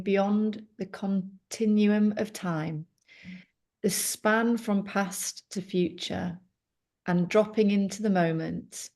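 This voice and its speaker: A woman reading aloud to a yoga class, halting now and then to correct herself. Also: medium pitch, steady tone, a little mellow. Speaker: yoga student.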